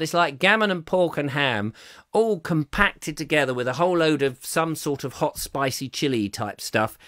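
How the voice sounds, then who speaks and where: A man hosting a comic live chat show, rambling jokily and reading out viewer comments, swinging between loud bursts and mumbled asides. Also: a little high, dry recording, studio quality.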